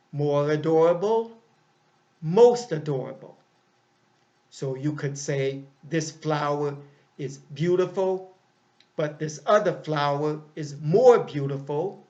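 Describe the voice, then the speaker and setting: A man teaching an English grammar lesson, speaking deliberately and repeating each example. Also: on the high side, darkish tone. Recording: dull lo-fi sound.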